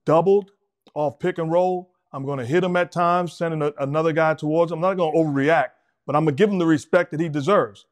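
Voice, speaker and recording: A middle-aged man hosts a sports talk show, his voice pitched a little higher than most men's. He lays out his basketball analysis in a measured, emphatic way. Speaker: host.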